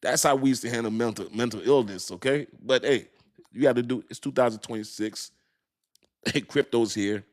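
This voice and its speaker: A man hosts a crypto livestream, chatting loosely with viewers, reading their comments, and joking and laughing often while searching aloud for words. His voice is medium-pitched and his pace moderate.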